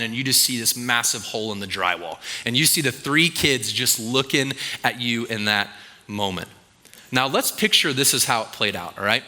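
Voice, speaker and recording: A man's voice: mid-range voice, bright, forceful tone, long reverb tail. A man preaching a conversational sermon in church. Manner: conversational, acts out quoted voices. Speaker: pastor.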